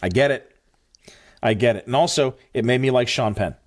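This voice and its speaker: A man co-hosting a movie podcast, talking in a relaxed, rambling way. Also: mid-range voice, moderate pace. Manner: laid-back, rambling, full of fillers. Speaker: podcast co-host. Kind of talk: casual movie chat.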